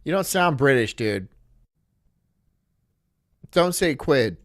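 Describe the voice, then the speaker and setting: Male stream host, rambling crude banter, animated pitch, dry voice. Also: slow, no echo. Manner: rambling, laughing at his own jokes, loud bursts.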